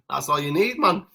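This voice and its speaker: Man, podcast co-host, higher voice, bright tone, jokey banter. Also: creaky. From Britain. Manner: jokey banter, laughs often. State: parent. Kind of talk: casual chat.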